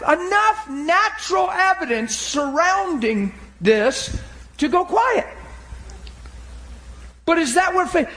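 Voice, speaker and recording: A male preacher delivering an emotional sermon, animated and at times laughing through tears. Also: very high-pitched.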